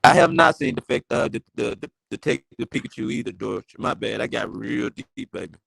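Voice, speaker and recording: A man's voice: on the low side, a little fast, vocal fry, fairly bright tone, low-quality recording. Wordy young man telling a story. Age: 20s. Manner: wordy, digressive, swears freely. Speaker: panel speaker. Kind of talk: casual storytelling.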